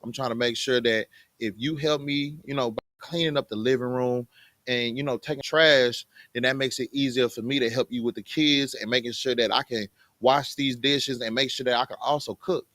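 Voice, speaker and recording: A man voicing a calm wife who politely asks her husband for help around the house. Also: medium pitch, moderate pace, no echo, pitched below the performer's own voice, close to an everyday voice. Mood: pleading gently. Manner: soft, polite and patient.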